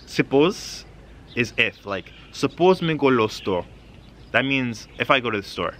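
A man giving a casual language lesson, saying words and repeating them slowly with frequent fillers. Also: mid-range voice, lively intonation, a bit bright, slight background noise. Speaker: language teacher.

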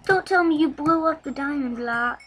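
A woman giving casual, chatty commentary over a video game, getting excited and laughing as she plays. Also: high voice, moderate pace, slight background noise, poor audio. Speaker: gameplay commentator.

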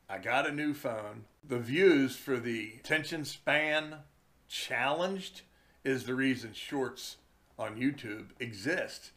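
A man's voice: medium pitch, a bit bright. A man who runs fishing charters, telling wry stories in a chatty, casual vlog from his den indoors. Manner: slow, chatty, wry storytelling.

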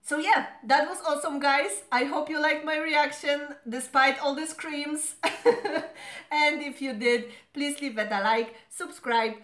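A young woman hosting a reaction video, hoarse from screaming, chatting to camera in a gushing, apologetic way that trails off into exclamations. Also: high-pitched, measured pace, fairly bright tone. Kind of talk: casual chat to camera. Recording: echoey room.

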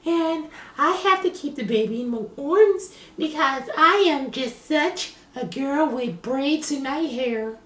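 A man's voice: very high voice, slow, hardly any pauses, a bit bright, reverberant, recorded from a distance, voice pushed up, exaggerated voice. A man putting on a mincing, mocking young-woman voice with braids in her hair.

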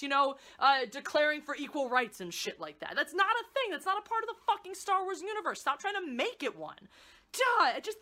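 Sarcastic woman tearing apart a movie, high voice, swears a lot. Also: bright, forceful tone. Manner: profane, sarcastic, exasperated. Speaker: movie reviewer. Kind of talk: ranting film review.

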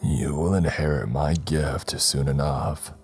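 A man voicing a frail, cruel old grandfather who speaks in a slow, wheezing croak, over faint music. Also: very deep voice, steady tone, darkish tone, exaggerated voice. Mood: croaking menace.

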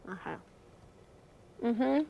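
Woman, TV host, studio interview, enthusiastic, chatty, fairly high voice. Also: expressive, extremely slow, gravelly, muffled recording. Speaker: TV show host. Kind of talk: lively studio chat.

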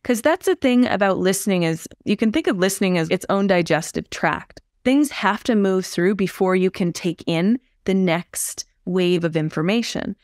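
Calm, unhurried woman therapist. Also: mid-range voice, dry recording, clean studio sound. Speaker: somatic therapist guest. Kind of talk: reflective podcast conversation.

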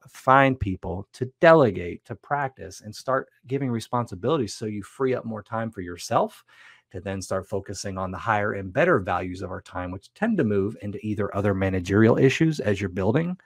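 A man's voice: lowish voice, no echo, studio quality. A man co-hosting a casual business talk, speaking in a reflective coaching way with frequent restarts. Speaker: podcast co-host.

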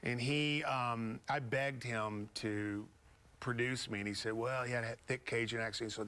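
A man from Beaumont, Texas, rambles easily through stories as a studio guest. His voice is bright, and his tone is relaxed and full of fillers. His pitch sits in the middle range. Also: measured pace. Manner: rambling, easygoing, many fillers. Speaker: guest musician. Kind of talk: casual storytelling interview.

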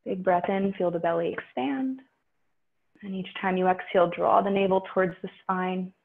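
A woman teaching a guided yoga class, calmly cueing breaths and poses. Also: mid-range voice, moderate pace, gravelly. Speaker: yoga instructor. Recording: tinny phone-like audio.

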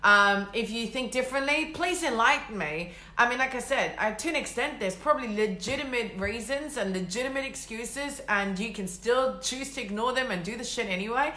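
A woman speaks as a mindset coach in a casual, blunt motivational monologue, dropping the odd swear word with plenty of energy. Her voice is sharp and bright. The recording carries a roomy echo. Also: fairly high pitch, lively intonation, normal speed, few pauses.

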